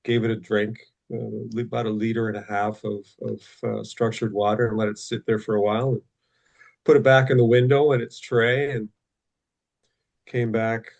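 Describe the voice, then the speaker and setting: A man on a video call telling a casual anecdote in a chatty way, with halting restarts. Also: on the low side, flat delivery, darkish tone, highs cut off. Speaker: call participant.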